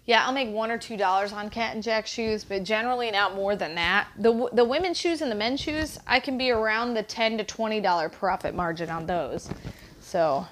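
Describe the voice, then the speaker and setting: A woman's voice: medium pitch, normal speed, fairly bright tone, a little hiss or hum. A woman reseller chatting cheerfully through an unboxing on a lapel mic, upbeat and teasing. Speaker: online reseller. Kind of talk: casual unboxing chat.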